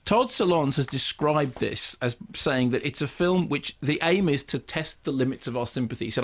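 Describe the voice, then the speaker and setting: A man's voice: fairly high pitch, lively intonation, fairly quick, hardly any pauses. A man, a film critic, reviewing a film in a chatty radio conversation, wry and emphatic, with frequent restarts.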